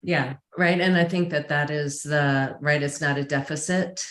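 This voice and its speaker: A woman's voice: low voice, fairly even intonation, a little slow, fairly bright tone, roomy sound. A woman hosting an interview series, responding with enthusiasm and affirmation. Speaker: series host.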